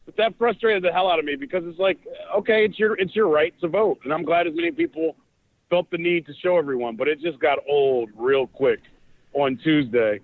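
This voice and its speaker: A man's voice: a little high, expressive, a little fast, creaky, no room sound. A man co-hosting a podcast, chatting in a rambling, conversational way with jokey asides. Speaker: podcast co-host. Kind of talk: casual chat. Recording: dry, tinny phone-like line.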